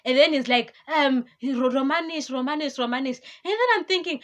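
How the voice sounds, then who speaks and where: A woman's voice: high voice, fast, hardly any pauses. A young woman, telling a story casually to her vlog viewers and acting out what people said. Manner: animated, chatty, acts out voices of others. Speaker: vlogger.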